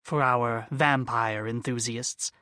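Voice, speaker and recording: A man's voice: mid-range voice, fairly even intonation, slow pace, pushed and bright, smooth, dry recording, clean studio sound. A man voicing a snooty older male occult shopkeeper who talks down to people in a droll, lecturing way, in an audiobook. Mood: condescending. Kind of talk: audiobook character voice.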